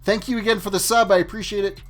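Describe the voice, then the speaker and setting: A man's voice: sits high, steady tone, fast, a bit bright. A man chatting casually with his viewers on a live stream while playing, rambling and talking things through. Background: faint music and keyboard typing.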